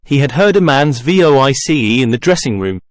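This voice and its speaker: A man reading a classic novel aloud as a narrator, in an even, measured way with little character acting. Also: mid-range voice, dry recording, clean studio sound. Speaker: audiobook narrator. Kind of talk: scripted narration.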